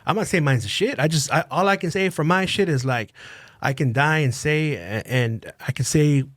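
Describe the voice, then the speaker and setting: Man, fired-up profane rant, fairly high voice, dry close sound, repeats himself. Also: moderate pace, a bit bright, no echo. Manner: heated, swears constantly, repeats phrases. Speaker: podcast guest. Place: podcast studio.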